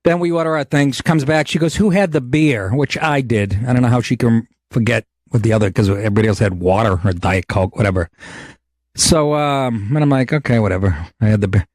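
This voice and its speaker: A man's voice: medium pitch, fairly quick, a little mellow, dry recording, studio quality. A middle-aged man hosting a podcast, telling a profane, indignant comedic story in a rant. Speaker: podcast host.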